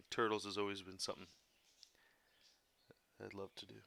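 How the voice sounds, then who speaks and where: Gravelly, low-key man chatting while drawing. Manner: relaxed, rambling, many fillers; monotone delivery. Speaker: comic artist drawing on a live stream. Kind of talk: casual drawing tutorial chat.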